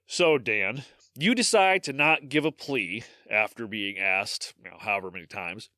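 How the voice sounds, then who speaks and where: A man with a Midwestern accent, hosting a casual history podcast, telling the story in an animated way, swearing and laughing. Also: fairly low pitch, moderate pace, dry recording, clean studio sound. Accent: Midwestern American. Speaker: podcast host.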